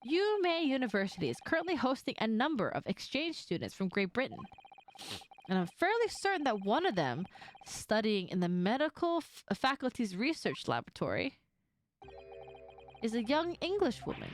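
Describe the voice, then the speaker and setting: A woman voicing a shrewd young male law student in a game read-aloud, explaining things crisply. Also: on the high side, wildly swooping pitch, moderate pace, slight background noise, rough recording. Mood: confident. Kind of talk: reading a game aloud in character.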